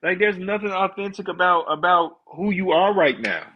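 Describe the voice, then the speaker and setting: A man's voice: sits high, moderate pace, breathy edge, highs cut off. A man with a congested voice, chatting candidly and ranting to viewers on a casual live stream.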